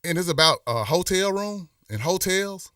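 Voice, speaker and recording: A man's voice: sits high, expressive, normal speed, pushed and bright, no echo, studio quality, recorded from a distance. Impassioned man ranting on a live stream. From Memphis. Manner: rambling and impassioned, many restarts and fillers. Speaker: host. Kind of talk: casual live-stream talk.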